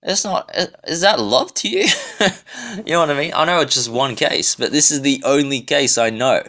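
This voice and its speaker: A man's voice: mid-range voice, moderate pace, bright, forceful tone. A man in a casual self-recorded monologue, ranting in a rambling, profane way with frequent restarts. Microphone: self-recorded device.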